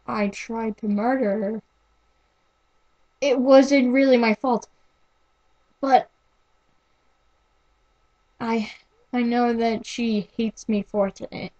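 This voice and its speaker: A woman voicing a gentle, remorseful male robot sphere who speaks quietly and haltingly. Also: fairly high pitch, steady tone, dull audio. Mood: sad, confessing.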